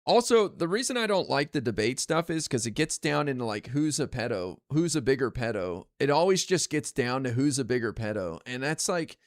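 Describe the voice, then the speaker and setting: A man's voice: mid-range voice, big pitch swings, a little fast, few pauses, dry recording, clean studio sound. A man ranting casually on his stream, exasperated and profane, rambling with lots of fillers. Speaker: political streamer.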